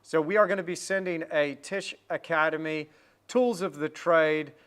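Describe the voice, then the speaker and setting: A middle-aged man teaching painting on a livestream, talking in an energetic, rambling way with many restarts. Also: on the high side, normal speed, clean tone. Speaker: art teacher hosting a livestream. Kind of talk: casual livestream chat while painting.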